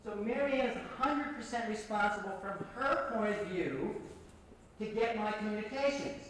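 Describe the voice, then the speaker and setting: A man giving an animated workshop lecture, repeating points and directing the audience, recorded from far off on old reel tape in an echoey hall. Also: high-pitched, normal speed, a little hiss or hum. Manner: animated, repetitive, coaching the audience.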